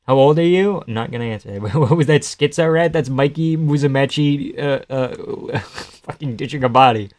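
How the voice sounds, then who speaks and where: A man's voice: mid-range voice, moderate pace, a little mellow. Joking, foul-mouthed male streamer. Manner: joking, swears freely, reads and answers chat. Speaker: live streamer. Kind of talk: casual live-stream fight commentary.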